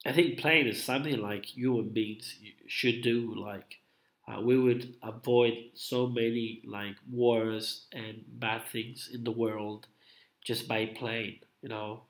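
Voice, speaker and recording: A man's voice: mid-range voice, steady tone, slow pace. A man hosting a casual live stream, rambling and hesitant with many fillers, coughing from a cold. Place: home room at night. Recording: roomy echo.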